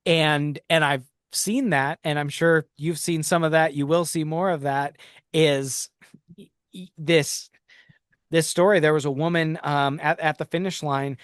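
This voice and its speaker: A man's voice: a little high, fairly even intonation, unhurried, smooth, no echo. Man, podcast host, reflective storyteller, casual talk, dry close recording. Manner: reflective storytelling, frequent restarts.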